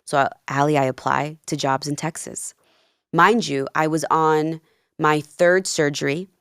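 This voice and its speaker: A woman's voice: sits low, a little slow, clean tone, no echo, studio quality. A woman from New Jersey with Peruvian roots, a life coach telling her story earnestly as a podcast guest. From New Jersey, of Peruvian family. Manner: earnest, animated retelling with quoted dialogue. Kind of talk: candid storytelling in a podcast interview.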